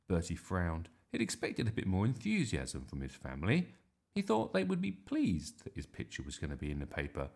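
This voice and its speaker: Expressive man reading a children's story. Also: low-pitched, moderate pace, gravelly. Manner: expressive, animated. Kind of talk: children's story read aloud.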